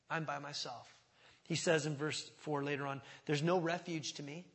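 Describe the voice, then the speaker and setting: A man's voice: a little high, fairly even intonation, normal speed, fairly bright tone. A middle-aged man preaching a sermon as pastor, impassioned and often rising to emphatic outbursts.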